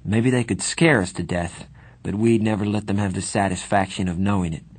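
A man narrates a first-person story in a measured, even manner. His voice is low and husky. The reading is steady. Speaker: audiobook narrator.

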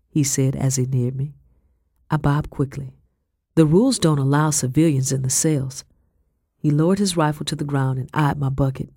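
A woman reading a first-person historical story aloud, in measured storytelling with old-fashioned phrasing. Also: extremely low pitch, steady tone, warm tone, no echo, clean studio sound. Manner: measured storytelling with period speech. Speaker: audiobook narrator. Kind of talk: scripted narration in first person.

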